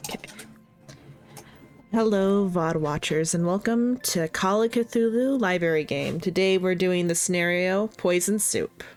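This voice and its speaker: An easygoing woman running a live-streamed tabletop game as game master, speaking slowly and a bit scattered. Faint music plays behind her. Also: on the low side, a little mellow.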